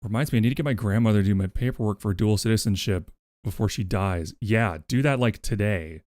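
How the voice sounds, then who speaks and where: A man's voice: fairly low pitch, fairly quick, a little mellow, no echo, clean studio sound. A man streaming, chatting casually and thinking aloud about his story plot. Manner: rambling, thinks aloud with fillers. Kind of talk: casual livestream chat.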